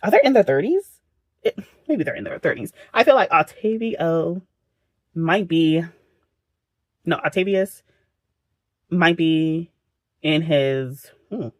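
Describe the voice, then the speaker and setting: A woman's voice: lowish voice, lively intonation, takes it slowly, pauses often, a little mellow, dry recording. A woman recapping a book for her vlog in a casual, dramatic way, peppering the story with slang asides, at home late at night. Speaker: book vlogger.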